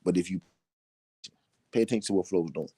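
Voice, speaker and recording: Man, deep voice, emphatic repetition, casual live talk, dry close sound. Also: fast talker, dark tone, slightly rough, no room sound. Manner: repetitive, emphatic, laughing between points. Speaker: boxing talk show host.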